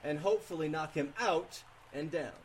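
A man playing a tabletop game, describing his moves in a playful, halting way. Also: a little high, a little hiss or hum. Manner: hesitant, playful. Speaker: player.

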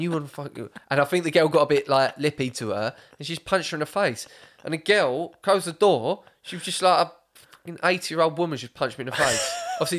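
A man's voice: mid-range voice, a bit bright. A young man, hosting a casual podcast chat, rambling through stories with lots of swearing and laughter. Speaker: podcast host.

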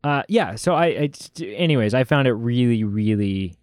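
A man's voice: medium pitch, animated, moderate pace, darkish tone, clear, resonant tone, dry recording, studio quality. A man with a Canadian accent co-hosting a casual film review podcast, rambling and joking with many fillers. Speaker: podcast co-host.

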